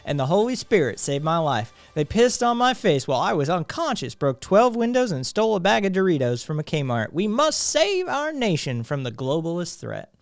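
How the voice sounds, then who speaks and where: A man's voice: a little high, big pitch swings, normal speed, creaky, hardly any pauses, dry recording, voice pushed up. A man voicing a pompous, self-righteous Southern police officer in a Southern US accent. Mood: indignant. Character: blustering right-wing Southern male cop.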